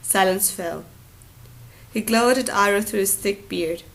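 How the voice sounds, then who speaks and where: A woman narrating an audiobook in a steady, even storytelling manner. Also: medium pitch, measured pace, vocal fry, low-quality recording. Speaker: audiobook reader.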